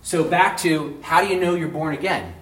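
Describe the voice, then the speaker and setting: A man's voice: fairly high pitch, moderate pace, fairly bright tone. A man teaching an informal Bible study, conversational and asking his group questions.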